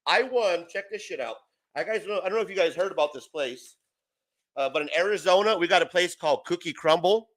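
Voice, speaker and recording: A man's voice: sits high, a little fast, a bit bright, dry recording. A young man hosting a casual livestream from home, rambling through stories with heavy profanity and frequent laughter. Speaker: livestream host.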